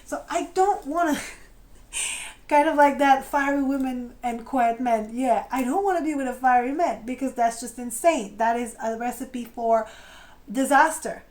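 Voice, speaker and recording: A woman giving a tarot card reading in a chatty, animated way, acting out imagined feelings and often laughing or trailing off mid-sentence. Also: high voice, unhurried. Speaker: tarot reader. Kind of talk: intuitive tarot reading to camera.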